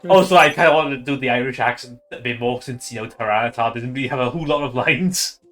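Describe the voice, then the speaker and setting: A man's voice: medium pitch, fast, a bit bright. A man streaming a game, chatting casually in a rambling, loose way. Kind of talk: casual chat while gaming.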